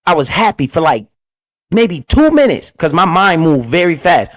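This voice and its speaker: Reacting to a clip, a finance commentator delivers heated, profane investing commentary, preaching hard at his listeners. His voice sits a little high with big pitch swings at a normal pace. The lo-fi recording sounds dull but has no echo.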